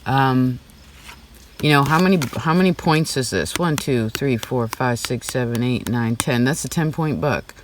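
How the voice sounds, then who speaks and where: A man's voice: mid-range voice, a little slow, slight background noise. A man giving a casual tarot reading, talking in a rambling, chatty way full of "like" and "right?". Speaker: tarot reader. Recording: slightly distant mic.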